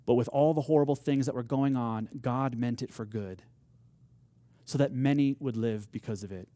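A man's voice: medium pitch, normal speed, mellow, no echo. A man preaching a sermon, telling a story with rising emphasis and acted-out quotes. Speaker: pastor.

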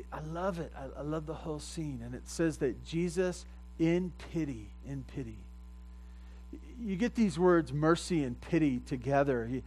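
A man preaching a sermon in a conversational way, often repeating phrases and rising louder at the points he stresses. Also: mid-range voice, rough recording. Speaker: pastor.

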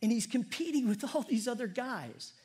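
A man's voice: expressive, normal speed. A middle-aged man preaching a conversational, humorous sermon in a church. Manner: conversational and humorous, prayer drops soft and low. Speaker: pastor.

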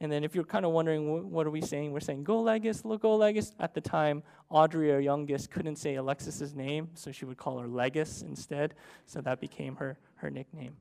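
A man's voice: fairly high pitch, little pitch movement, brisk, creaky, few pauses, a little mellow. A man in his thirties, a pastor telling a personal story in a sermon, earnest and conversational, often checking in with "right?".

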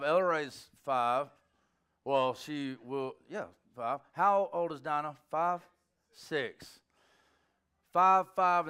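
Excitable preacher man, clear voice. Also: fairly high pitch. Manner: conversational storytelling, bursts of excitement. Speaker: pastor. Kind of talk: informal sermon.

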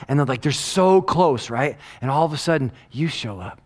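A middle-aged man preaching a casual, conversational sermon, animated and rambling, often checking in with "right?" and dropping from loud emphasis to hushed asides. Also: mid-range voice, moderate pace. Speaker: pastor.

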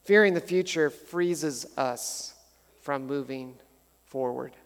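A middle-aged man preaching a sermon as pastor, conversational and animated, telling stories with touches of humor. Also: mid-range voice, slow pace, smooth. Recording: long hall reverb.

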